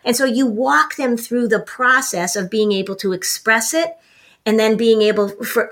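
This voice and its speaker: A woman's voice: mid-range voice, fairly bright tone. A woman on a parenting podcast, explaining directly and acting out short example dialogues. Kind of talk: podcast conversation.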